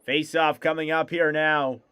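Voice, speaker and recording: Smooth, higher-voiced male hockey commentator. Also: little pitch movement, sharp tone. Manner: rapid clipped play calls, rising on shots. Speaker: play-by-play commentator. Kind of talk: live hockey play-by-play.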